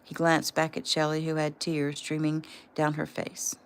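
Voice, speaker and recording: A woman casually reading aloud from her own novel, relaxed and unpolished, with the odd slip. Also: low-pitched, a little slow, smooth. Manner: relaxed and unpolished, with small slips.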